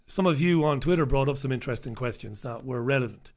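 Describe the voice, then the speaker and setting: A man's voice: medium pitch, fast, a little mellow. A man hosting a casual talk radio show, delivering a sardonic monologue with offhand asides and chuckles.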